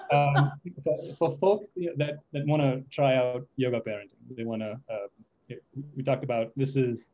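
Mellow-voiced man asking hesitant questions. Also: medium pitch, muffled recording. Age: adult father. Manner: hesitant, many fillers and restarts. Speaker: panel host.

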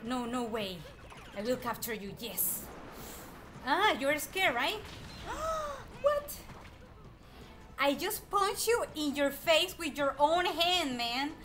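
A woman streaming a video game, excitedly chatting to the enemies she fights and repeating herself when frustrated, with game music faintly behind her. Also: high voice, slow pace, background noise. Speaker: gameplay streamer. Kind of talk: live gameplay commentary.

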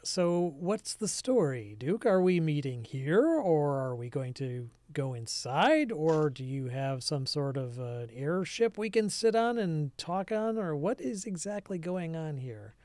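A man voicing a calm, wry stranger who talks in a sighing tone. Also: on the high side, measured pace, hardly any pauses, dry recording.

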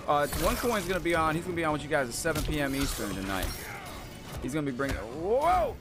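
A man hosting a gaming livestream, chatting casually and excitably over gameplay and greeting viewers by name. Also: fairly high pitch, racing. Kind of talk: casual live-stream chat over gameplay. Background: game music.

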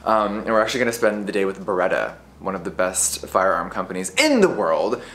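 A man's voice: sits low, very animated, fairly quick, fairly bright tone, echoey room, slight background noise. A man vlogging casually to camera as a beauty creator, sassy and giggly, swearing casually as he chats from a hotel room.

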